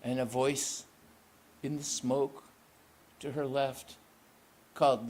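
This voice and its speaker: A man, an author, reading his own story aloud at a live literary event in measured, deliberate narration. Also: medium pitch, little pitch movement, darkish tone, low-quality recording.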